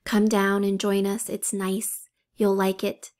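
A woman voicing a boy turned into a scarecrow, speaking in a breathy whisper. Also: mid-range voice, monotone, slow pace, darkish tone, natural voice. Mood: eerie.

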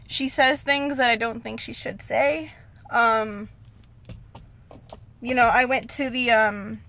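A woman vlogging to camera in a casual way, out of breath, halting and searching for words as she restarts her sentences. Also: fairly high pitch, fairly bright tone. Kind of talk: casual vlog talking to camera.

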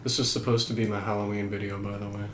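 A man doing let's play commentary on a horror game, crude and trash-talking, swinging from low mutters to panicked screaming. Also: flat delivery, quick pace, background noise. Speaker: gameplay commentator. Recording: roomy sound with game music behind.

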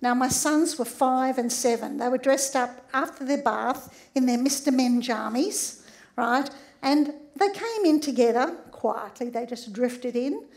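High-voiced Australian woman giving a lecture. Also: a little slow, darkish tone. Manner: humorous, keeps checking in with the audience. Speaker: sex therapist and doctor. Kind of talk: public lecture.

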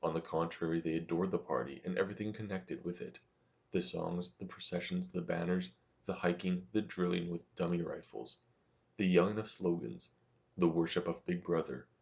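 Deep-voiced man narrating a novel. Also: gravelly, lo-fi sound. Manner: steady, measured reading. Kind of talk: audiobook narration.

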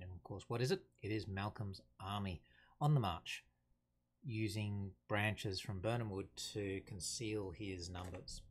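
Male teacher, low register, slow and thoughtful, explains a play and reads quotes plainly. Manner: unhurried, thoughtful, reads quotations aloud plainly. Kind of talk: casual explanatory lesson.

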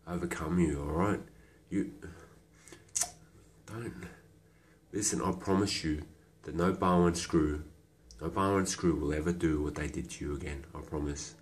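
A man doing an absurd comedy monologue, talking in a hushed, coaxing, halting way that often drops to a whisper. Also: low-pitched, steady tone, slight background noise.

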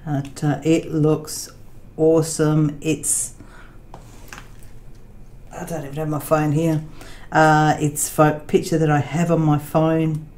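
A woman chatting casually with her viewers, with many fillers, sometimes talking to her dog in a high baby voice. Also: little pitch movement, slow pace, darkish tone. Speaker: craft vlogger. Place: home laundry room. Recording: echoey room with faint noise.

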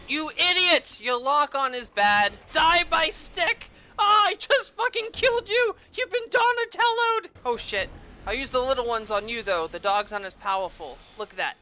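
A young woman streaming a game and commenting crudely and excitably, yelping and swearing as she plays. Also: fairly low pitch. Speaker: gaming streamer. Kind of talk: profane let's-play commentary.

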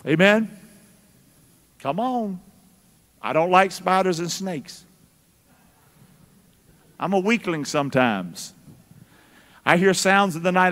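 A man's voice: high-pitched, lively intonation, slow, pauses often, fairly bright tone. A male pastor preaching a sermon with call-and-response, folksy and teasing with his congregation. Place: church sanctuary. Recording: church hall reverb.

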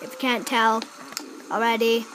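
A hyper, excitable child commenting on a life-sim game in a teasing, playful way. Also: mid-range voice, a little slow. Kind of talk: let's-play commentary.

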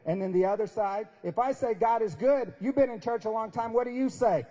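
Guy in his 40s giving a talk, high mellow voice, storytelling and acting out lines, big hall reverb. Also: fairly quick. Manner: storytelling, acts out quoted dialogue, conversational and emphatic. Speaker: speaker. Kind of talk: inspirational talk at a prayer breakfast. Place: large event hall. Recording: long reverb of a large hall.

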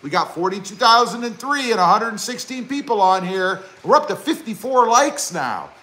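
A man with a high, bright voice hosts a live stream. He talks casually and excitably, reads viewers' comments aloud and adds chatty asides. His pitch swings widely as he goes. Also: moderate pace, low-quality recording. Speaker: YouTube car channel host.

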